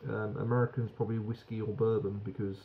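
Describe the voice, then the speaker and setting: A man's voice: lowish voice, level tone, fast, creaky, phone-quality sound, slight background noise. A British man giving a frank, rambling beer review that swears casually.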